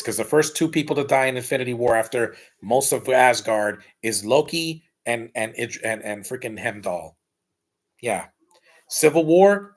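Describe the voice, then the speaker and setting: A man giving casual, blunt and rambling live commentary while rewatching a film. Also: medium pitch. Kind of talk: casual opinionated watch-along commentary.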